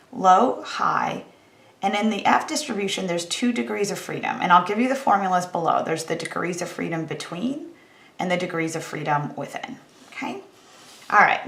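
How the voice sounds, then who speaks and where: Casual woman stats teacher, gravelly. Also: mid-range voice, a bit bright, roomy sound. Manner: casual, conversational, wry about tedious calculations. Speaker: statistics teacher. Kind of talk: recorded math lecture.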